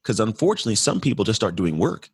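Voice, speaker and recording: His lowish voice has big pitch swings and a breathy edge, recorded cleanly in a studio with no echo. The speaker, a forties-aged Californian on a podcast, reflects earnestly on his life in a fast flow broken by restarts.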